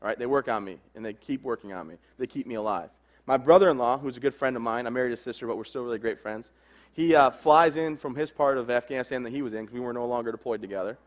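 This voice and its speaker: A man's voice: mid-range voice, fast talker. A man in his thirties, an army veteran, telling his own story to an audience in a frank, plain way. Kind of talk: personal testimony talk.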